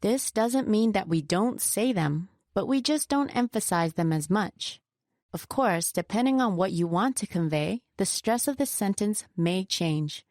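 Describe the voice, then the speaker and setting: A woman's voice: mid-range voice, expressive, a little mellow, no room sound. Woman teaching pronunciation, dry close sound. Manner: slow, deliberate stressing of example words. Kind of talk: scripted co-hosted lesson.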